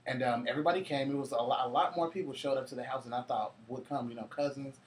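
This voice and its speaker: A man's voice: mid-range voice, fast talker. A man co-hosting a casual chat, telling loose, profane holiday stories with frequent laughter. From Cincinnati, US. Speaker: co-host.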